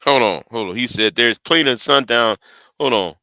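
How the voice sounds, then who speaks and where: A man's voice: mid-range voice, moderate pace, vocal fry, bright, forceful tone, no echo, poor audio. A man hosting a casual chat, stumbling over repeated words and fillers. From Texas.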